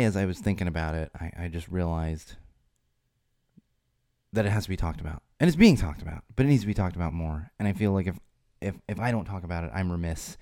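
Rambling podcast man, low and dark. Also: no room sound, studio quality. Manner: rambling, with frequent restarts and fillers; grows more emphatic and raised when stressing points. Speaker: podcast host. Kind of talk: solo podcast monologue.

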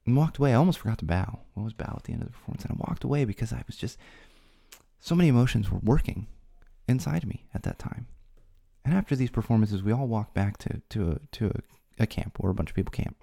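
A man with a dark, relaxed tone and some gravel in it hosts a podcast. He tells a personal story in an earnest, candid way, speaking from the heart. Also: lowish voice, fast. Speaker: podcast host.

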